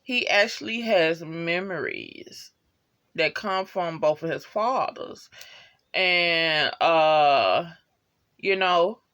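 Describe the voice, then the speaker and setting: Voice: mid-range voice, drawn-out words, dull audio. Slangy, rambling TV show reviewer. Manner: rambling, slangy and profane, full of "you know" asides; animated, laughs at favorite moments. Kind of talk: casual episode review vlog.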